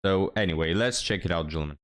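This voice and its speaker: A man's voice: low-pitched, quick pace, a crowd in the background. A young man hosting a reaction commentary video, mocking and sarcastic as he talks to his viewers. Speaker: commentary channel host.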